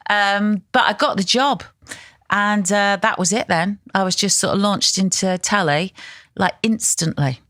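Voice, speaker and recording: A woman's voice: medium pitch, a little slow, fairly bright tone, no echo, clean studio sound. A well-spoken English woman in her fifties from Essex, a television presenter telling stories as a podcast guest and laughing often. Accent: well-spoken southern English. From Essex, England. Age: 50s. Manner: chatty storyteller, laughs often. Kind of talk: casual interview chat.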